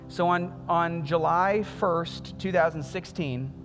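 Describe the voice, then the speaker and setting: A man in his thirties, a pastor preaching a sermon in a conversational, storytelling way with animated quoted voices. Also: on the high side, slow. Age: 30s. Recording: music underneath, long hall reverb.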